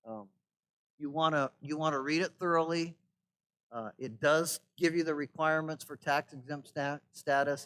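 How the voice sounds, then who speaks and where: A man, a pastor, lecturing a class on church administration in a conversational way, often checking in with "right?" and adding wry asides. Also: medium pitch.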